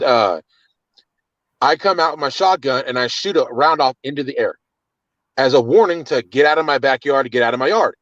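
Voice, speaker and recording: A man's voice: mid-range voice, fairly bright tone, dry recording, highs cut off. A man with children telling an agitated, cursing story of his arrest, often repeating words. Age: adult with children. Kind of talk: casual storytelling.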